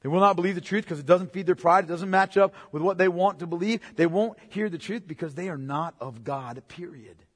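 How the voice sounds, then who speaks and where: High-voiced man preaching in a reverberant hall. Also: brisk, hardly any pauses. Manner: emphatic, repeats key phrases, swings from loud to hushed. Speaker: pastor. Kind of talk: expository sermon.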